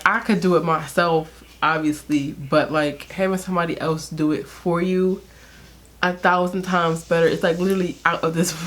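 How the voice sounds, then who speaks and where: A young woman vlogger telling a personal story in a candid, chatty way, laughing often and using lots of fillers. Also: low voice. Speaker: beauty vlogger. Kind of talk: casual storytime.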